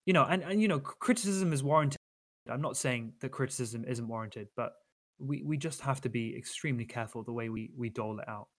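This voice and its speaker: A man co-hosting a football chat in a mid-pitched everyday voice. He talks earnestly and critically, circling back with restarts and fillers. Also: fast, a bit bright. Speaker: podcast co-host.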